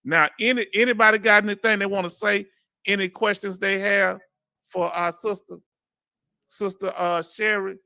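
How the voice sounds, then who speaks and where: A man's voice: high-pitched, fairly even intonation, normal speed, creaky, sharp tone, clear, resonant tone, no room sound, clean studio sound. A man from Houston with a Southern Texas accent, hosting a casual online chat and reading comments aloud to viewers. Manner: folksy, reads comments aloud and chats directly to viewers. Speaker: host.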